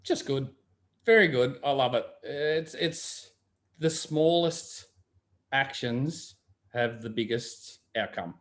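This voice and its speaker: A man's voice: medium pitch, lively intonation, slow, fairly bright tone. Chatty man telling stories. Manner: chatty storyteller, acts out quoted voices. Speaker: guest. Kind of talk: casual chat.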